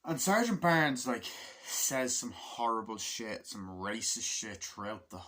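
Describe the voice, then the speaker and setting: A man's voice: mid-range voice, big pitch swings, measured pace, sharp tone. A man giving a casual film review in a rambling way, with lots of fillers, swearing and laughter. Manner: rambling, full of fillers and profanity, laughs often.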